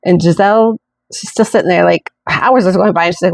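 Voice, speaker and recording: A woman's voice: on the low side, fairly even intonation, brisk, creaky, a little mellow, dry recording. A woman hosting a podcast, telling a true-crime story in a chatty way with indignant asides. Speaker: podcast host.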